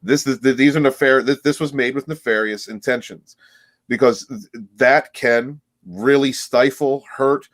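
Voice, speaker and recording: A man's voice: medium pitch, measured pace, fairly bright tone, no room sound. A man talking earnestly in a casual live stream, often restarting his sentences.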